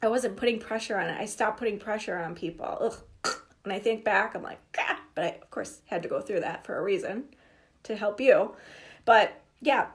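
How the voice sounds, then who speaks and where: A young woman coaching on business in a casual, energetic talk, emphatic and acting out inner voices. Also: medium pitch, moderate pace. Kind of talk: casual direct-to-camera talk.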